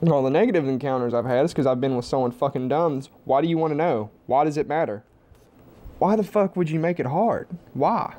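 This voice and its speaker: Blunt, profane man with a mellow voice. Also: on the high side, lively intonation, brisk. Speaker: vlogger. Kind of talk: opinionated casual monologue. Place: home, with a TV on.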